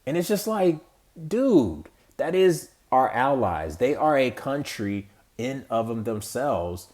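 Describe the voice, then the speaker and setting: An exasperated man from the United States hosts his own podcast, talking loosely and bluntly. He rambles, swears and circles back on his sentences as he goes. His voice sits at an ordinary middle pitch for a man. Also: very animated, slow, darkish tone. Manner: exasperated, rambling, frequent restarts and slang. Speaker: podcast host. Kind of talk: casual political commentary.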